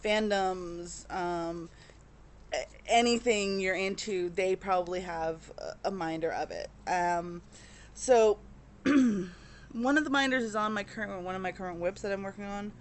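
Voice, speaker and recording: A woman's voice: mid-range voice, a little slow. A woman chatting casually to camera as a cross-stitch vlogger, rambling with many fillers and restarts and openly emotional.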